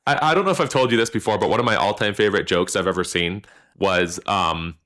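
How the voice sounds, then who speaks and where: Bright-voiced man, rambling and jokey. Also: deep voice, fast. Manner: rambling, jokey, trails off into tangents. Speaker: podcast co-host. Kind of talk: casual chat. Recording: slightly distorted audio.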